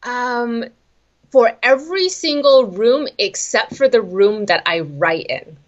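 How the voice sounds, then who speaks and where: A woman's voice: a little high, expressive, slow pace, highs cut off. A woman from southern Taiwan, an author guest in a casual interview, chatty and laughing often with many fillers.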